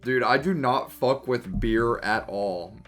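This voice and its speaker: A man's voice: mid-range voice, takes it slowly, fairly bright tone, soft background music. A man co-hosting a podcast in casual chat, blunt and joking. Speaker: podcast co-host.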